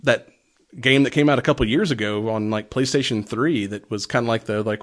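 A man's voice: mid-range voice, a little fast. A man chatting casually about old movies and games, laughing often and swearing freely. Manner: laughing often, loose and profane.

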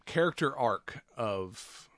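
A man's voice: mid-range voice, expressive, slow pace, fairly bright tone, no echo. Laid-back joking man, dry sound. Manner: laughs often, loose and joking. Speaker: podcast host. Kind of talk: casual chat.

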